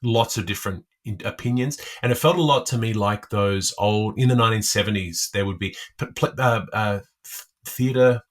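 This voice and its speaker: Low-voiced man musing, halting. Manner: hesitant, many restarts and fillers. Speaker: podcast co-host. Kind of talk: casual literary discussion.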